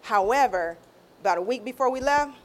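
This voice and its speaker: A middle-aged woman sharing an emotional faith testimony in a casual, expressive way, often restarting phrases and acting out what others said. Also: fairly quick. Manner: expressive, acts out quoted voices with big pitch swings; informal, repeats and restarts phrases. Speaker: guest sharing a personal testimony.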